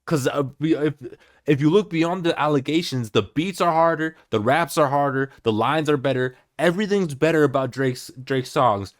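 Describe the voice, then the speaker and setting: A man's voice: fairly high pitch, moderate pace. A man whose first language is German, giving casual reaction commentary as a music reaction host, exasperated and mocking.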